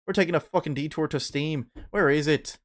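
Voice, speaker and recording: A man giving casual gameplay commentary as a video creator, with loud, profane, exasperated outbursts. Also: on the high side, a little fast.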